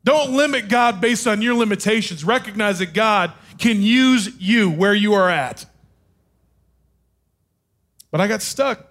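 A man with a notably high voice preaches from a stage. He tells his own story with animated, self-deprecating humor and pokes fun at himself as he goes. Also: measured pace, long pauses. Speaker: speaker. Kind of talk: sermon with personal storytelling.

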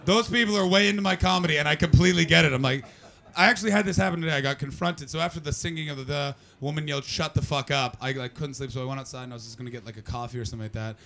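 Gravelly guy doing stand-up, loud and cheeky, swearing a lot, crowd laughing in a small club. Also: on the high side, racing. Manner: brash, profane, animated storytelling. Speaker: stand-up comedian. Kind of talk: stand-up comedy with crowd work. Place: comedy club cellar venue.

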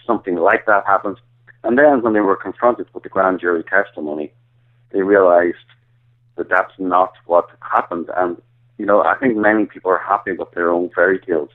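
A man's voice: low-pitched, steady tone, a little fast. Irish man on a tinny phone line. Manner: earnest, stumbles and repeats words while talking. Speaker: guest. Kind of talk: phone-in interview.

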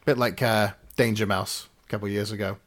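A man's voice: fairly low pitch, steady tone, a little fast, fairly bright tone. Rambling, easygoing male co-host. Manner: rambling, hesitant, many fillers and restarts. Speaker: podcast co-host. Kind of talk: casual chat.

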